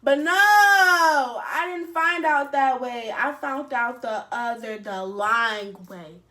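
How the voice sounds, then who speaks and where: Bright-voiced woman telling a story. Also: high-pitched, slow pace. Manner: animated, profane and candid, addresses viewers directly. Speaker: vlogger telling a personal story. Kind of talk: casual storytime to camera. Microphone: camera set up in front of her.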